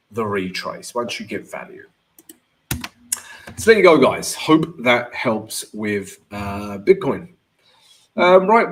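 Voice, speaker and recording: A man hosting a live trading stream, talking casually and with energy, and often checking in with "right?". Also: fairly high pitch.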